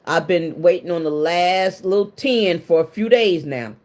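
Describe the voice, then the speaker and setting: A woman's voice: on the low side, measured pace, a little mellow. Chatty woman hosting a livestream. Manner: chatty, greets viewers by name, laughs often; emotional, confiding. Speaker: livestream host. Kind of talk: casual livestream chat with viewers.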